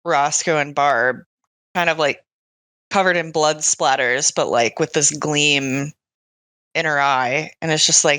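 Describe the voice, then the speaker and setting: A woman with a low, bright voice plays in a tabletop game. She talks slowly, recorded dry and close. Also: dry recording. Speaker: player.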